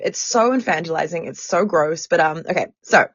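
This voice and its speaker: Woman podcast host telling her story, blunt and animated, swears a lot, dull dry recording. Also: lowish voice, brisk, few pauses, slightly rough, no echo. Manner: frank, animated, swears freely. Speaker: podcast host and sex worker activist.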